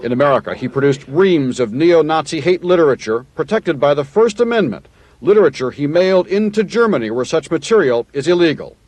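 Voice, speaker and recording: A man narrating a television news report as a correspondent, in a crisp reporting manner. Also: on the high side, animated, a little fast, a little mellow, dry recording.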